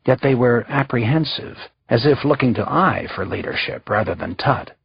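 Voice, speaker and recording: Gravelly husky male narrator. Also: medium pitch, expressive, normal speed, dry recording, highs cut off. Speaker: audiobook narrator. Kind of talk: scripted narration.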